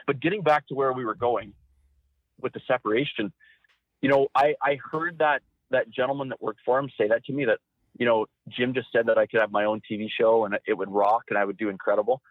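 A man tells his hunting stories with lively energy, jumping up in pitch whenever he acts out what someone said. His voice comes through a dry, narrow, phone-like line. He talks at a middling pitch for a man. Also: brisk, dry recording. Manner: animated storyteller, acts out quotes in a raised voice. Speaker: guest, former hunting cameraman. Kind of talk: storytelling interview.

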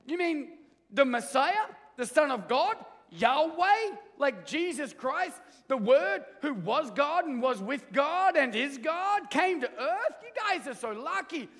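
A man voicing an excitable male alien who fires off breathless, awestruck questions. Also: very high voice, slow pace, pitched above the performer's own voice, exaggerated voice. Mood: amazed. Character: excitable male alien visitor from far away. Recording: echoey church hall.

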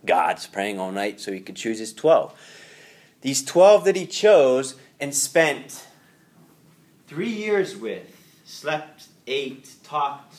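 Man, Bible study teacher, animated intonation, conversational, rhetorical questions, classroom. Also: mid-range voice, takes it slowly. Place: room with a class.

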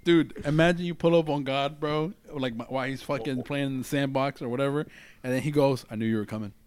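A man's voice: mid-range voice, fairly even intonation, a little fast, clean tone. A man co-hosting a podcast in casual banter, joking and saying "bro" constantly. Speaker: podcast co-host.

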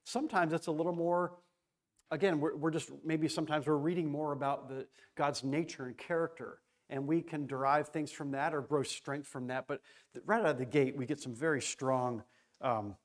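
A man leading an informal Bible study, talking excitedly, restarting phrases and stressing key words. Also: fairly high pitch.

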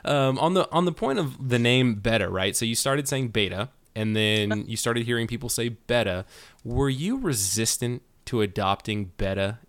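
A man's voice: moderate pace, no echo. A man in his thirties from California hosting a podcast, chatting casually and animatedly with his guest. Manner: animated, jumps into exaggerated high voices for quoted people. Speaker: podcast host.

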